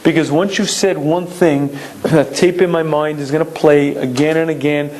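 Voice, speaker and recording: Throat-clearing man giving a Torah lecture. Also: a little high, fairly even intonation, moderate pace, a little mellow, low-quality recording. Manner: clears throat often, emphatic and explanatory.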